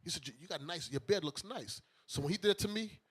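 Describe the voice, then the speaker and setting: A man's voice: on the high side, quick pace, breathy edge. A man telling a story to studio friends in casual talk, acting out every voice in it. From Brooklyn. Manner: animated, acts out both sides of a story. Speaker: bishop, radio show host.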